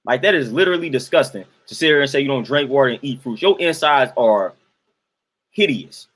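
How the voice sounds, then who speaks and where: A young live-stream host races through an exasperated, emphatic rant aimed at his chat, repeating points for effect. His medium-pitched voice is fairly bright with lively intonation.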